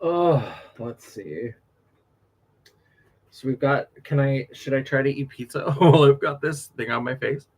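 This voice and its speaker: A man's voice: medium pitch, a little slow, husky. Chatty man on a late-night livestream. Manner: chatty and animated, laughs often, drifts between stories. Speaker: drag performer hosting a livestream.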